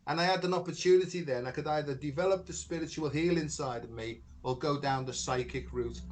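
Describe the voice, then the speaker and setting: A middle-aged man, hosting a talk show and telling a long story in a rambling way, full of fillers. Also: medium pitch. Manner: rambling, chatty, many fillers like "you know" and "right". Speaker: podcast host, spiritual healer. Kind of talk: casual conversation, storytelling.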